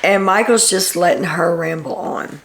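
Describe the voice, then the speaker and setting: A woman's voice: lowish voice, normal speed. A woman hosting a reality TV recap, retelling events in a casual, gossipy way with sarcastic asides.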